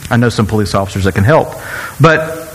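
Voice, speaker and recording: A man preaching a sermon, joking and sarcastic, who jumps up in pitch when he acts out the people's cries. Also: fairly quick, big-room sound, poor audio. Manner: animated, jumps high to act out quoted cries. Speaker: pastor.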